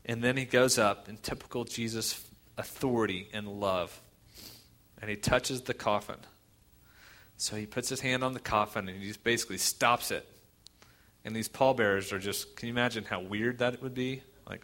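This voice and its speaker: A middle-aged male pastor preaching, his bright, forceful voice shifting between hushed storytelling and emphatic rhetorical questions. He retells scripture with plenty of feeling. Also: fairly low pitch, fairly even intonation, moderate pace. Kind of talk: sermon.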